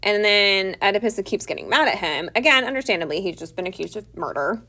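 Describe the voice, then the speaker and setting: A woman's voice: medium pitch, expressive, fairly quick, pushed and bright. A woman teaching a literature lesson in a casual, chatty way, full of "like" fillers as she retells the story. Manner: chatty, many "like" fillers, paraphrases characters conversationally. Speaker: teacher summarizing a play.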